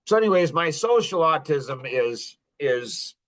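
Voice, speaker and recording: A man in his sixties hosting a podcast, telling stories in a sarcastic, rambling way with many fillers and big leaps in pitch. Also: sing-song, unhurried, fairly bright tone, poor audio. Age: 60s. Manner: many fillers like "like" and "you know". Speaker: podcast host. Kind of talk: casual monologue.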